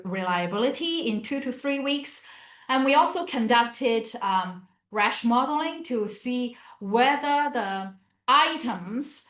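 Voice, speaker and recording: Higher-voiced woman lecturing in an echoey room. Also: sharp tone. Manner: explanatory, with frequent fillers and restarts. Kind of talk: conference lecture. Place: conference venue.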